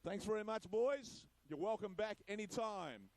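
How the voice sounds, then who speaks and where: A man, emceeing an awards ceremony in a jokey, boisterous way and hushing the crowd. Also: sits high, moderate pace, no room sound, poor audio. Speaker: master of ceremonies.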